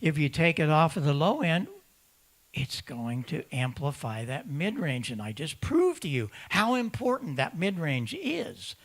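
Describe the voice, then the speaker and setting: In a conference room before an audience, a ham radio symposium presenter delivers an emphatic talk to fellow ham operators. His voice is on the high side, sing-song and unhurried, and he repeats words for emphasis while imitating other hams.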